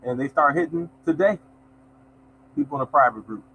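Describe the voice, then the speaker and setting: Speaking a bit fast with a fairly high, somewhat bright voice, this man runs a casual lottery numbers livestream. The rough recording carries some hiss or hum as he reads numbers and chats loosely with viewers he calls y'all.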